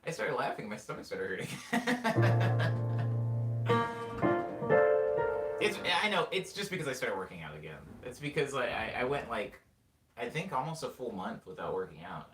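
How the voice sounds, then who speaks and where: A young livestream host reads chat and talks casually, laughing often as he rambles through animated anecdotes. His pitch swings widely. He sits back from a distant mic in a roomy space, with a faint hiss underneath.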